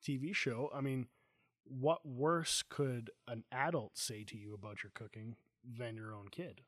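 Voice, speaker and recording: A middle-aged man hosting a casual chat, telling lively family stories and acting out what people said. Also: mid-range voice, measured pace, dry recording, studio quality. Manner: animated storyteller, acts out quotes. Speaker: host.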